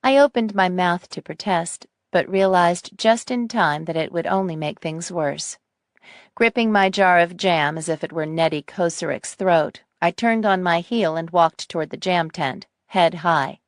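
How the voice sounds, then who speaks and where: A woman narrating a mystery audiobook in a measured first-person style. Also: lowish voice, dry recording, studio quality.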